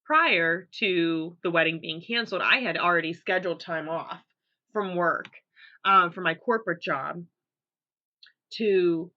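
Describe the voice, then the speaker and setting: Bright, chatty woman podcast host. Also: fairly low pitch, measured pace, dull audio. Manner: chatty and upbeat, laughs easily, many fillers. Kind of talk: casual solo podcast monologue.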